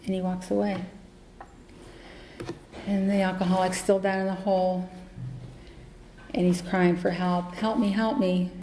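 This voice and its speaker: A woman's voice: lowish voice, completely flat delivery, a little slow, pauses often, warm tone. A woman giving an earnest, conversational recovery talk as a speaker at a meeting, telling stories. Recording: echoey hall, faint noise.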